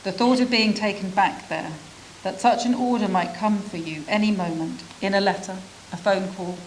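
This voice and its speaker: A woman reads a literary story aloud in a measured, reflective voice, at a middle pitch. She lets pauses sit between phrases. A faint hiss stays under her voice. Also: poor audio. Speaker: reader of a refugee's story. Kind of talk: reading a literary prose piece aloud.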